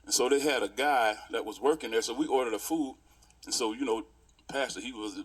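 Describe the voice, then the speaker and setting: A man in his sixties, a pastor, giving a heartfelt memorial tribute and reminiscing in stories with many pauses. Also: mid-range voice, slightly rough.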